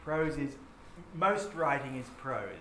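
A man teaching a class, explaining things patiently and sometimes chanting rhythms aloud. His voice sits a little high for a man. He is recorded from across an echoey classroom, with steady noise underneath. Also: slow pace. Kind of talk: classroom lecture.

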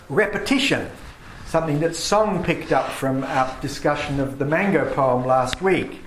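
A man's voice: a little high, unhurried, slight background noise. A man teaching a class about poetry, reading verse aloud with strong stresses on the key words. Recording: echoey classroom with faint ambience.

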